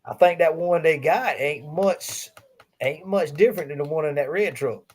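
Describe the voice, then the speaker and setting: A man's voice: fairly high pitch, moderate pace, husky. A man with a coastal Southern Geechee accent co-hosting a casual talk show, rambling in a laid-back way with frequent chuckles. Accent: Southern US, coastal Geechee-tinged. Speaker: podcast co-host. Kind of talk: casual chat.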